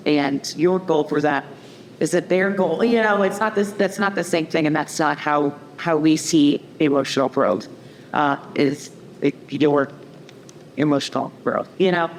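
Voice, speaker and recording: Low-voiced woman counselor on a panel. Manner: conversational, many fillers and restarts. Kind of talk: panel discussion. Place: community event hall. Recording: echoey hall, faint background noise.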